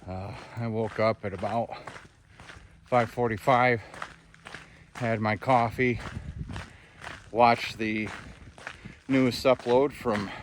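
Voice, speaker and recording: A man's voice: medium pitch, takes it slowly, long pauses, a little hiss or hum. A man narrating a casual hiking vlog outdoors on a park trail, chatting to viewers as he walks. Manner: relaxed, chatty, talks to viewers while hiking. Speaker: hiking vlogger.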